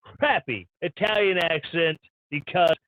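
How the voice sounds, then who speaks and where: Brief: high-pitched male live stream host, irreverent ranting commentator. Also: a little slow, dry recording. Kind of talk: sarcastic news commentary. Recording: dull lo-fi stream audio.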